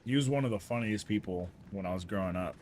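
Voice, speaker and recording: A man streaming live, telling funny childhood stories in a casual, animated way, laughing often and acting out the people he quotes. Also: on the low side, quick pace, slight background noise. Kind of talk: casual storytelling to a live chat.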